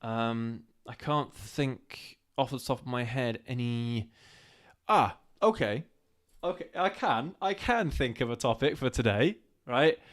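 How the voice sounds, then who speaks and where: Rambling, animated man. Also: mid-range voice, slow pace. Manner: rambling, animated when ranting, laughs easily. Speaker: co-host. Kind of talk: casual live-stream chat.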